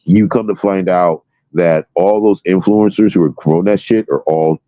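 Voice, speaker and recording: A man with a low voice chats casually at normal speed, telling stories bluntly and emphatically with lots of swearing. The audio is dull and lo-fi, with no echo.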